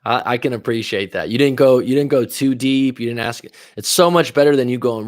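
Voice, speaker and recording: A man's voice: medium pitch, fairly quick, dry recording, clean studio sound. A man coaching on a livestream, chatting casually and swearing freely as he reacts to viewer comments. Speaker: life coach hosting a livestream.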